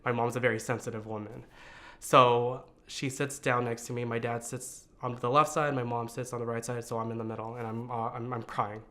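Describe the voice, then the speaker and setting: A man from the United States telling his own coming-out story in a reflective, earnest way, pausing on fillers and restarts. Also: mid-range voice, flat delivery, a bit bright. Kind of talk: personal storytelling.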